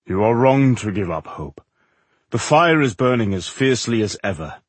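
A man voicing an ancient, kindly undead dwarf king who speaks calmly and reassuringly. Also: fairly low pitch, normal speed, slightly rough, no room sound. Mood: grave. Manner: calm, reassuring.

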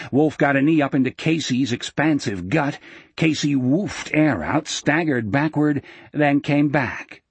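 Guy reading an audiobook slow and steady, husky voice, dry close sound. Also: medium pitch, no room sound. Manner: measured, dramatic storytelling. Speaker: audiobook narrator. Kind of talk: audiobook narration.

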